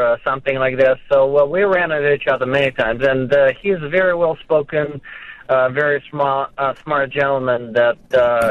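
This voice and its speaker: A man's voice: medium pitch, dry recording, narrow, tinny audio, lightly acted. A man putting on a boastful Russian hockey star. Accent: put-on Russian. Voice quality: halting, filler-heavy, joking. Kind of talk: comedy call-in impression.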